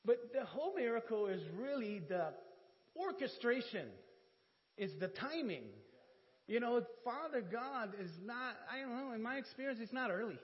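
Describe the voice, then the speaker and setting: Man, church testimony, high lively voice, big pitch swings, dull hall audio, long reverb. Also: moderate pace. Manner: animated storyteller, laughs often, self-deprecating asides. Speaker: church speaker giving testimony. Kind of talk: sermon testimony.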